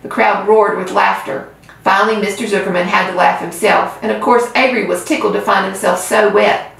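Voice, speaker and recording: A woman who hosts a reading channel, reading a children's book aloud with gentle storytelling. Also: medium pitch, steady tone, brisk, vocal fry. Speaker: reader. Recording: roomy, far from mic.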